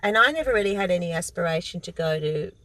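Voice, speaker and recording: A woman with an Australian accent, chatting as a guest comedian in a casual interview, self-deprecating and quick to laugh. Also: on the low side, lively intonation, fairly bright tone, no room sound, low-quality recording.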